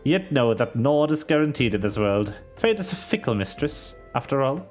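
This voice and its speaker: A man voicing a stern veteran sellsword captain, reading game dialogue aloud in a lowered, measured tone. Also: sing-song, a little mellow, faint music behind, lightly acted. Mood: grave. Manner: low, grave, measured.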